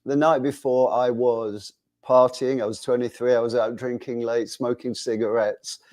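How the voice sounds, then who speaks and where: A man in his sixties chats through his stories as an interview guest. He talks at a mid pitch and brings the people in his anecdotes to life. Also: fairly even intonation, moderate pace, a little mellow. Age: 60s. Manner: chatty anecdotal, acts out quotes. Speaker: guest musician. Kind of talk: casual interview storytelling.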